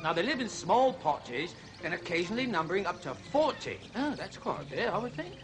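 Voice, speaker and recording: A man's voice: sits high, very animated, a little fast, over music. A man playing a zany zoo-show host who lectures about animals in a folksy way. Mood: chirpy lecture. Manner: folksy lecturing, "you see", "mate".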